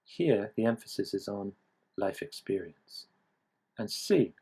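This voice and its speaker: A man narrates an English grammar lesson from a script. His voice sits a little low and has a husky edge. He explains each point at a measured, even pace. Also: low-quality recording. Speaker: English teacher.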